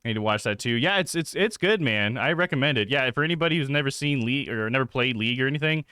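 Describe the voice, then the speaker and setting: A man's voice: mid-range voice, animated, fast, bright, forceful tone, smooth, dry recording, clean studio sound. A young man chatting casually with viewers on a live stream, laid-back and swearing freely. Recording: game music behind.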